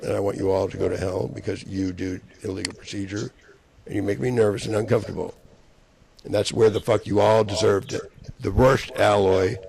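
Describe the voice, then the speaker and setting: A man delivering a rambling, profane solo rant, hurling accusations with broken restarts and bursts of shouting. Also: on the low side, vocal fry.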